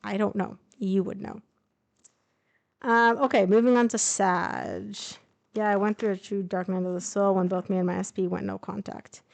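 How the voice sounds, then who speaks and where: A woman's voice: mid-range voice, steady tone, normal speed, creaky, dry recording. Chatty woman reading tarot, dry sound. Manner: chatty, thinking aloud with fillers and asides. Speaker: tarot reader. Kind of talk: casual tarot reading to camera. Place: indoors, traveling.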